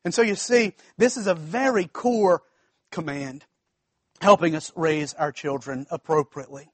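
A man's voice: a little high, unhurried, no echo. A man, a pastor, preaching a sermon in a conversational way, with asides to the congregation and frequent restarts.

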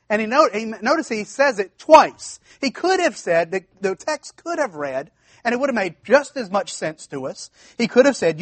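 A pastor with a strikingly high voice preaches a sermon in a sing-song, slightly slow delivery, recorded dry with no echo or room sound. He's emphatic, repeats key phrases for weight, and often restarts sentences.

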